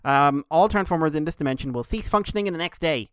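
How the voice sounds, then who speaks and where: A man's voice: a little high, fast talker, clean tone, dry recording, studio quality. A man co-hosting a casual podcast, recapping comics in a rambling, laughing way. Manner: rambling, laughing, with jokey quoted voices. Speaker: podcast co-host.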